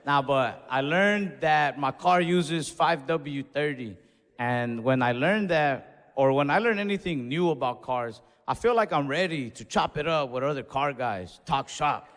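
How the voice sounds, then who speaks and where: This young stand-up has a fairly high, fairly bright voice and a measured pace. Performing on a comedy club stage, he tells a long story in a relaxed, profane style, with long reverb and faint noise in the recording.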